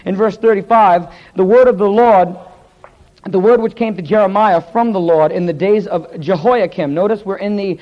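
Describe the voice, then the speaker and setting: A male pastor preaching a sermon, retelling scripture in a lively storytelling way and stumbling over hard names. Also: sits high, lo-fi sound.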